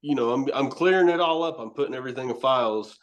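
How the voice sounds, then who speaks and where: Horror host, loud and rambling, curses constantly, laughs through his stories. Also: mid-range voice, fast. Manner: excitable, profane storyteller, laughs often. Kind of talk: casual podcast chat.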